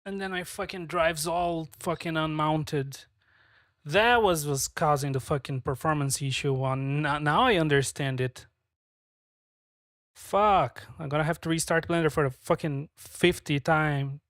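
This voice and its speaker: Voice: medium pitch, steady tone, normal speed, fairly bright tone, dry recording, clean studio sound. A streamer talking casually on a live stream while working, frustrated, swearing a lot and muttering to themselves.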